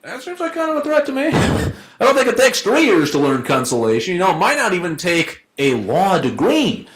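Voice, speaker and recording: A man arguing his side in a debate as a lawyer, in a joking and rhetorical way with quick asides. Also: sits high, huge pitch swings, fairly bright tone. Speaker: debater, law firm associate. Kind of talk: informal debate argument. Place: event room. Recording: echoey room.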